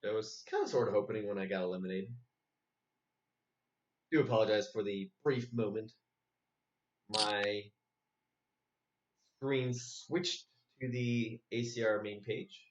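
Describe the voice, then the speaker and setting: A man casually commentating a replay of his own poker tournament, rambling with lots of fillers and restarts. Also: medium pitch. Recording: dull, slightly muffled recording with faint noise.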